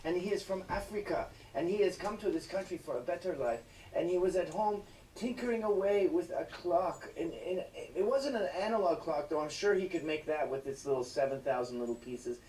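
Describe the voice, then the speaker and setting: Sarcastic male comic, high voice, profane and mocking, recorded from a distance with faint hiss. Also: animated, a little fast, mellow, reverberant. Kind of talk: satirical stand-up rant.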